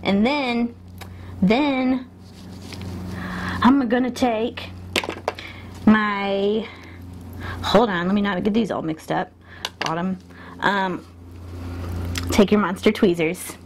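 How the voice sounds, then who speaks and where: A woman's voice: mid-range voice, slow, long pauses, noisy background. Chatty woman filming a lash tutorial. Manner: chatty, self-interrupting, laughs at herself. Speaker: beauty vlogger. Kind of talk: casual tutorial chat. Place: indoors at a mirror.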